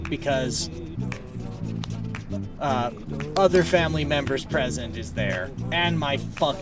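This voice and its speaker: A man's voice: a little high, far from the mic. A man streaming live, telling a rambling, exasperated story in casual chat and swearing now and then. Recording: voice off-mic with loud music. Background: loud music.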